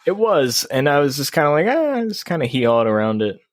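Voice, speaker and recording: Lively laid-back podcast co-host man. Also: quick pace, dry recording. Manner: laid-back, laughing often, lively pitch. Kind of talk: casual chat, reading listener messages. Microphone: video call.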